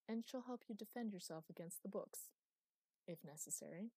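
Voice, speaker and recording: A woman's voice: medium pitch, expressive, normal speed, warm tone, husky, no echo. Brief: teasing, evasive immortal mistress of a magic library, audiobook, read by a woman; dry close sound.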